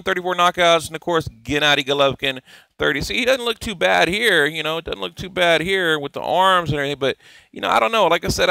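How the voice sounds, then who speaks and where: Male boxing channel host, somewhat high and forceful, profane, opinionated, dry close-mic sound. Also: gravelly, no room sound. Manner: rambling, profane, opinionated, self-interrupting. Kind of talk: casual commentary over on-screen clips.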